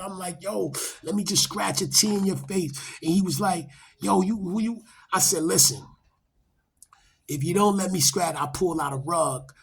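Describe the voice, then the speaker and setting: A man's voice: high voice, vocal fry, slightly rough. A middle-aged man, telling a story in casual street talk and acting out the quotes. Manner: animated, acts out quotes, rising loud when excited.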